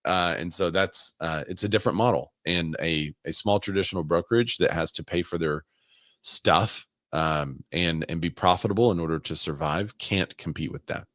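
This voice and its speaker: A man with a very low, deep voice hosts a relaxed talk show. He reads comments and articles aloud and breaks off into chatty asides. The sound is dry and close. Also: normal speed, no echo. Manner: conversational, laughs and asides while reading aloud. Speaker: podcast host. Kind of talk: casual chat reading comments and articles.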